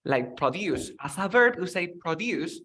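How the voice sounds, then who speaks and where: A young man whose first language is Spanish teaches English over a video call. His voice sits a little high for a man, and he drills words by saying them again and again. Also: lively intonation, moderate pace, bright, forceful tone. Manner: explains with repeated words and drills. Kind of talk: online English lesson.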